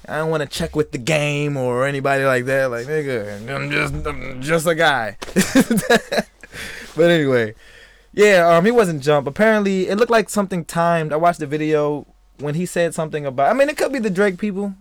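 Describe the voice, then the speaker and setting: A man's voice: on the high side, animated, moderate pace, clean tone, no echo. Tipsy man rambling on his podcast. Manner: rambling, laughs often, talks to live chatters. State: a little tipsy. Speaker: podcast host. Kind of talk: casual live-stream chat.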